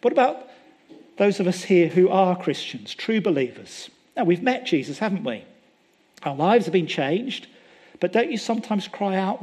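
A man's voice: high voice, very animated, moderate pace, a little mellow, breathy edge. A middle-aged man preaching a sermon in an earnest way, asking many rhetorical questions and often restarting his sentences.

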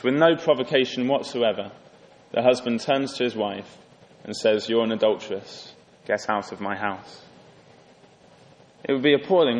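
Earnest preacher man in a reverberant hall. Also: a bit bright. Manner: earnest, rises for emphasis and drops low on solemn lines. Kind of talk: sermon.

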